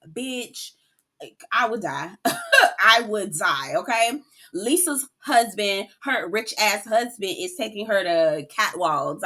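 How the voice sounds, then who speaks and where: A woman's voice: mid-range voice, bright, forceful tone. A woman hosting a reality TV recap in casual commentary, sassy and profane, laughing often and keeping up a stream of "girl" and "child".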